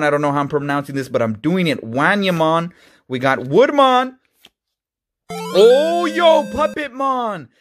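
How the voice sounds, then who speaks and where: A man hosting a casual card-opening video, excitable and quick to burst into shouts, often stumbling over names. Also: a little high. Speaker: YouTube host.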